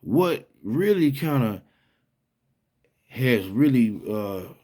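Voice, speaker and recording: A man's voice: mid-range voice, very animated, very slow, dark tone. A man giving casual, rambling commentary to his own channel, full of fillers and restarts, with an incredulous, head-shaking tone. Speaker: vlogger.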